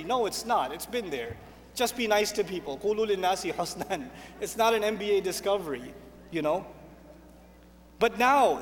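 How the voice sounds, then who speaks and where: A man preaching with energy and emphasis, driving points home through repetition and recited Arabic verses. His voice sits very high for a man. It rings out in a hall with a long reverb tail. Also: slight background noise. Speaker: Islamic speaker. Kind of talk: sermon. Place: lecture hall with an audience.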